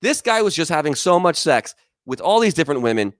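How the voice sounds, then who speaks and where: A man's voice: on the high side, big pitch swings, fairly quick, dry recording, studio quality. A man doing wry, self-deprecating stand-up comedy over a video call from his quarantine room into a microphone.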